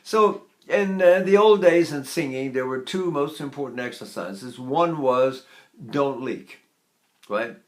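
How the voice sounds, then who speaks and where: A man in his eighties giving a spoken voice lesson in an unhurried, explanatory way, now and then singing or breathing to demonstrate. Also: medium pitch. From United States. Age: 80s. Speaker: voice teacher.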